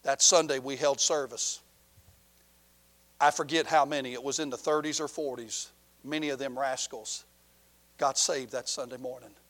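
A middle-aged man preaching a sermon, telling a story with passion, rising loud and then dropping low. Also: fairly even intonation, normal speed, long pauses. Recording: long hall reverb.

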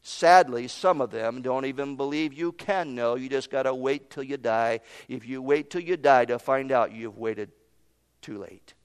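A man preaching a sermon, emphatic, with his voice swinging between loud proclaiming and quiet drops. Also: mid-range voice, unhurried, clean tone. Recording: long hall reverb.

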